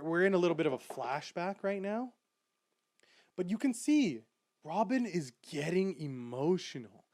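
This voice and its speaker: Enthusiastic higher-voiced man, dry sound. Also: dry recording. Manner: enthusiastic, rambling with fillers and restarts. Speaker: podcast host. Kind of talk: casual manga discussion.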